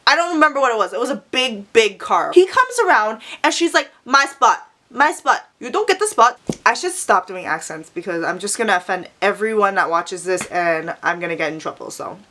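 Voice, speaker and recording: A woman telling a storytime vlog in a sassy, profane, animated manner. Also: mid-range voice, brisk, few pauses. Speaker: vlogger.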